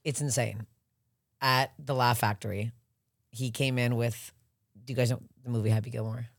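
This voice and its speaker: A woman in her late thirties, a comedian guest, rambling excitably through a story on a podcast and acting out every quote. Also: very deep voice, normal speed, no echo, clean studio sound. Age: 30s. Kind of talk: casual storytelling chat.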